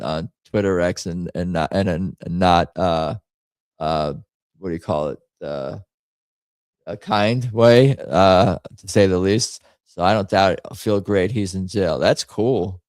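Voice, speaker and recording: Low-voiced man rambling on a stream. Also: measured pace, no room sound. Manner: rambling, thinks out loud, lively jokey asides. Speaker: livestream host. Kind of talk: casual chat reacting to memes and viewer comments.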